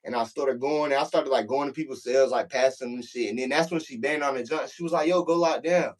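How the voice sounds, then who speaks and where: Man, casual storyteller, profane, animated, mid-pitched voice. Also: fast. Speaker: guest telling a prison story.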